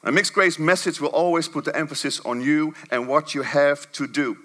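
A man preaching a sermon to a church congregation, swinging from low murmurs to high, emphatic bursts. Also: fairly even intonation, moderate pace, pushed and bright.

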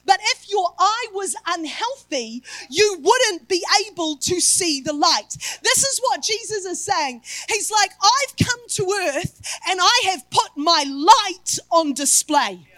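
A woman preaching a sermon with rhetorical questions and sudden shouted emphasis, softening when she reads scripture. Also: very high voice, no echo.

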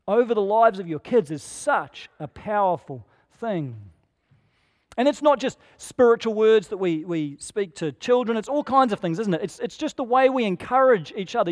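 A man's voice: high voice, a little mellow, big-room sound. A man preaching a sermon as pastor, earnest and conversational, asking his listeners rhetorical questions.

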